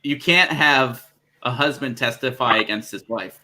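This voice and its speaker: A man's voice: medium pitch, unhurried, sharp tone. A man hosting a casual livestream chat, joking and teasing his guests. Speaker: show host.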